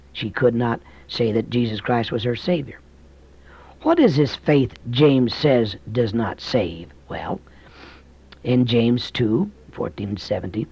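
Folksy guy preaching, husky voice, pitch jumps all over, dull dry sound. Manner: folksy storytelling mixed with emphatic scripture reading. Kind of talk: sermon.

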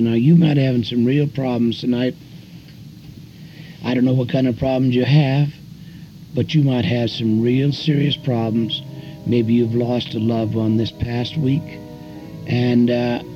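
Older evangelist man, folksy and rising. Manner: folksy storytelling preacher, voice climbing high in emphasis. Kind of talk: sermon. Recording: dull lo-fi recording with faint music.

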